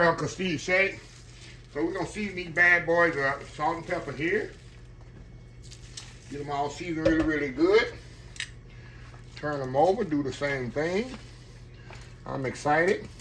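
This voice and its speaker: A man hosts a casual cooking demonstration from his home kitchen, his voice on the high side with a sharp tone and slight background noise. Folksy and chatty, he keeps calling out to viewers as "y'all."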